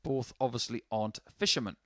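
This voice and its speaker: A man's voice: mid-range voice, quick pace. A man doing live darts commentary, chatty and anecdotal, with jokey asides between throws.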